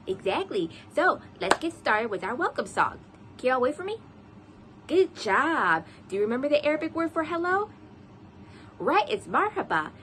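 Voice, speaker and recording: A woman leading a children's storytime as librarian, encouraging and sing-song, teaching words slowly. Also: sits high, fairly bright tone, slight background noise.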